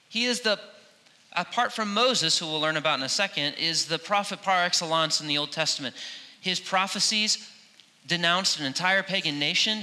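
A man preaching a sermon as pastor, animated, acting out quoted lines with playful emphasis, in a large church. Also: on the high side. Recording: long hall reverb in a church.

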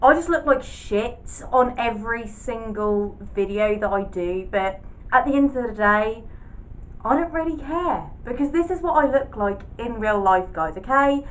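A woman's voice: a little high, expressive, measured pace, poor audio. A young woman chatting casually to camera as a vlogger, swearing often and poking fun at herself. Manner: chatty, sweary, self-mocking.

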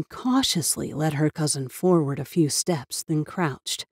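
A woman reading a spooky story as narrator, with a measured, dramatic manner. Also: low-pitched, slightly rough, dry recording, studio quality. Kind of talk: scripted ghost story narration. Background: faint music.

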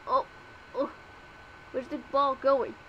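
Woman doing every voice in a fan cartoon, high and bright, unhurried lines broken by yelps. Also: level tone, highs cut off, a little hiss or hum. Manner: yelps and exclaims, frantic cartoon dialogue. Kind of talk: voicing a homemade fan cartoon.

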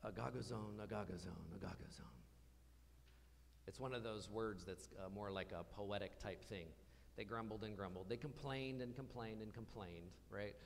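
A man's voice: fairly low pitch, moderate pace, in a large hall, slight background noise. A man preaching a conversational sermon in a church, asking the congregation questions as he goes. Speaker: pastor. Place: church hall.

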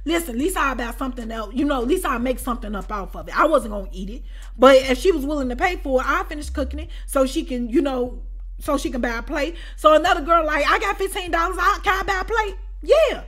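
A woman host telling a storytime tale in an animated way, breaking into shouts and often repeating a conversational tag. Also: high-pitched, fast. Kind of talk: storytime vlog.

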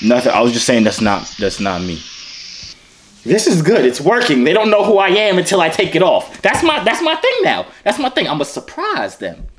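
A man's voice: fairly high pitch, wildly swooping pitch, moderate pace, crowd noise. A young man hosting a casual vlog who talks with strangers in a playful, teasing, joking way. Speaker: YouTuber and video chat app host.

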